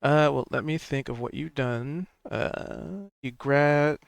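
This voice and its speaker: A man's voice: on the high side, takes it slowly, gravelly, clear, resonant tone, no echo. A man running a tabletop game as game master, explaining rules casually with hesitant fillers.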